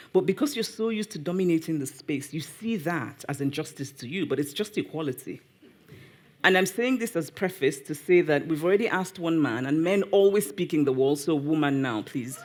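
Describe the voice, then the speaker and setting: Animated Nigerian woman answering an audience. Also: low voice, moderate pace. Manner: animated, self-correcting, teasing humor. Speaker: guest author. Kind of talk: public conversation, answering audience. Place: live event before an audience.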